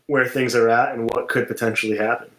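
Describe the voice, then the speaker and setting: A man's voice: mid-range voice, fairly even intonation, brisk, a bit bright. Guy on a movie podcast, rambly, lots of "like", roomy echo on his voice. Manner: rambling, heavy on filler words. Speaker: podcast co-host. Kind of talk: casual film review chat.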